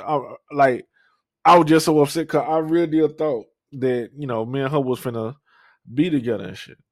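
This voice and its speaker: A man's voice: medium pitch, no echo, studio quality. Profane rambling young man telling a story. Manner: profane, rambling, many fillers and restarts. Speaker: podcast co-host. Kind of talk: casual storytelling.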